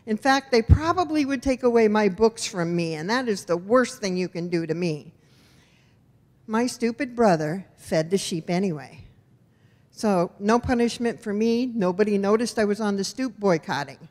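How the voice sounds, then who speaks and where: A woman's voice: medium pitch, moderate pace. Wry woman telling a story. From rural Iowa, US. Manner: wry, expressive, animated in punchlines. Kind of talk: live personal storytelling. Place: storytelling event venue. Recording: long hall reverb.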